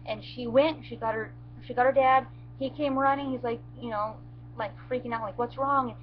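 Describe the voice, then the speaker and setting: A woman with a slightly high voice, telling her story in a halting, shaken way with many restarts. The sound is muffled, with a faint hum underneath. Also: steady tone. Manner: halting, shaken retelling with restarts and near tears. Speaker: goat owner telling what happened. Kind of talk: emotional first-person storytelling.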